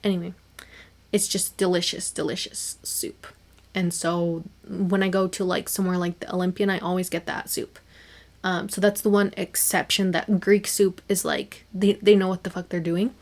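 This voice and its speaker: A young woman hosting her own podcast, chatting casually and animatedly with lots of fillers and quick laughs. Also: lowish voice, level tone, a little mellow. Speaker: podcast host. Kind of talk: casual solo podcast chat.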